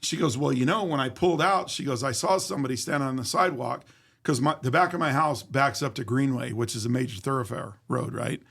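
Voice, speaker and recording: Gravelly man telling a story. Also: medium pitch, fairly quick, fairly bright tone. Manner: vivid, profane, acts out quoted dialogue. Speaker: interview guest. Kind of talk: casual storytelling.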